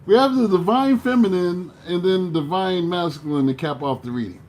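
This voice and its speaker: A man giving a casual tarot reading, animated, swearing and talking to himself. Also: high voice, normal speed, a little hiss or hum. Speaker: tarot reader.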